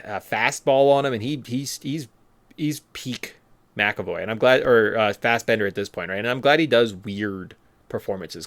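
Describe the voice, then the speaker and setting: A man hosting a podcast in casual chat, animated and joking. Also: fairly low pitch, dry recording. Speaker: podcast host.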